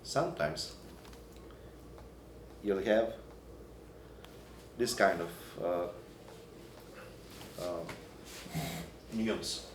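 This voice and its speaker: A man teaching a Byzantine chant class, explaining in halting phrases and breaking into short sung examples. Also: low-pitched, a little hiss or hum. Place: church hall or classroom. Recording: echoey room, recorded from a distance.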